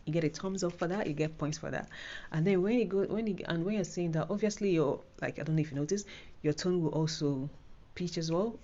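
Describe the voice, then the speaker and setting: A woman's voice: on the low side, a little fast, dark tone, highs cut off. A Nigerian woman giving a casual, rambling spoken tutorial on an exam, full of fillers and restarts. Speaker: IELTS tutor.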